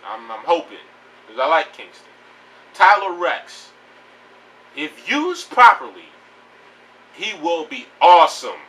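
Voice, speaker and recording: Profane, animated young man ranting. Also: fairly high pitch, takes it slowly, long pauses, distant mic, low-quality recording. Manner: blunt, profane, rambling with restarts. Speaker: wrestling vlogger. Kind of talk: casual opinion rant.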